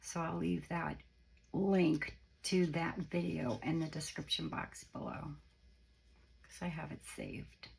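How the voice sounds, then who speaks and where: Croaky low gravelly woman rambling thru a craft how-to, casual and chatty. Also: slow, a little mellow, rough recording. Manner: chatty, meandering, self-correcting. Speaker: craft channel host.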